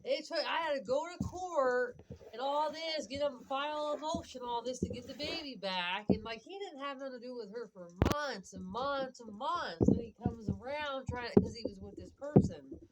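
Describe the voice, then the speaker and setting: A woman's voice: high-pitched, expressive, moderate pace. A woman telling a long personal story in a casual, rambling way, full of "like" and "whatever" and quoted back-and-forth. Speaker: vlogger. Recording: loud background clicking noise.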